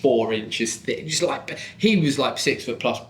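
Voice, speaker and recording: A man, a surfboard shaper chatting as a podcast guest, telling animated stories and laughing often. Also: mid-range voice, unhurried. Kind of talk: casual podcast chat. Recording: roomy echo.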